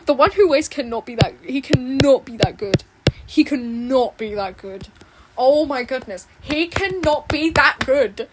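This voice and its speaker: High-voiced young woman rambling. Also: lively intonation, measured pace. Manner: giggly, rambling, repeats herself. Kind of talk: casual rambling chat while drawing. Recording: noisy background with clicks.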